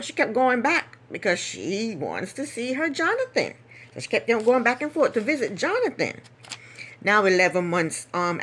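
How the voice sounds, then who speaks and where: A woman's voice: on the high side, fairly bright tone, slight background noise. A woman hosting a casual solo recap of a reality show, chatty and opinionated, repeating herself for emphasis.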